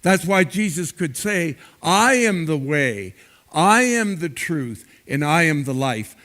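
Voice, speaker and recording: Slow, high-voiced male preacher. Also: big pitch swings, a bit bright. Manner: slow, emphatic preaching with repeated words. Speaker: pastor. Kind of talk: sermon.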